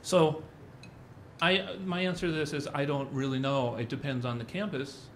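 A man's voice: on the high side, normal speed, a little hiss or hum. A middle-aged man giving a conference talk, telling rambling anecdotes and acting out what others said. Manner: rambling storyteller who acts out quotes. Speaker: conference speaker.

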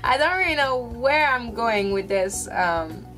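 A young woman talking to camera from her room in a casual, emotional vlog, halting with restarts and fillers. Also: fairly high pitch, expressive, fairly bright tone, soft background music. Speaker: vlogger.

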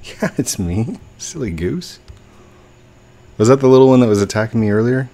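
A young man hosts a gaming video, offering playful live commentary as he plays and talking both to the other players and to his own character. His medium-pitched voice has a dark tone, lively intonation, and a moderate pace.

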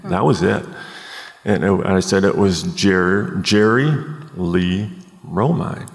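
Gravelly low-voiced man telling his story. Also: big-room sound. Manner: earnest, halting storytelling with many ums. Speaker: podcast guest. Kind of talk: telling his life story in a live interview. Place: conference room, live recording.

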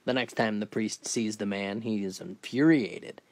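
Guy reading off dirty jokes one after another, flat steady delivery. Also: lowish voice, unhurried. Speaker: joke teller. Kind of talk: scripted joke narration.

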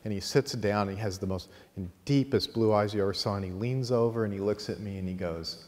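A man's voice: fairly low pitch, brisk. Man telling a story in a reverberant hall. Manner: lively anecdotal storyteller, laughing at his own tale. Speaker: course teacher. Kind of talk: storytelling in a lecture. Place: college teaching room. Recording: long hall reverb, faint noise.

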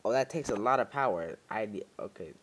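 A man's voice: lowish voice, animated, brisk, fairly bright tone, a little hiss or hum. Jumpy young man playing a horror game. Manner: jumpy, muttering, bursts into panicked yelps. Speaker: gaming YouTuber. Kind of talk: horror game let's play commentary.

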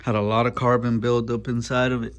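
A man's voice: medium pitch, brisk. Easygoing man showing an engine swap. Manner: relaxed, many ums and uhs. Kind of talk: casual walkthrough narration. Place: garage workshop.

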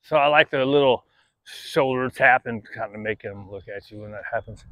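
A man training his dog, praising it in high sing-song bursts and then dropping to quiet explanatory asides. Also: normal speed.

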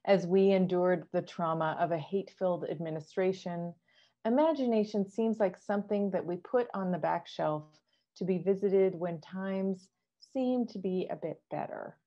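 Low, mellow woman preaching. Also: moderate pace, highs cut off. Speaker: minister. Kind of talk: sermon.

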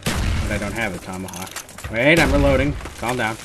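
A young man giving live commentary on his own gameplay, muttering one moment and yelling curses the next. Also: medium pitch, normal speed, noisy background. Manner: swings from muttering to loud swearing rage. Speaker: gamer recording his match.

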